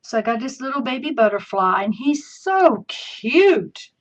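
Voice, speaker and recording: A woman's voice: a little high, sing-song, measured pace. A woman with a Southern accent chatting folksily through a live crafting demonstration. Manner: chatty, folksy, easily laughing. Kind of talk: live-streamed craft tutorial. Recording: dull lo-fi stream audio.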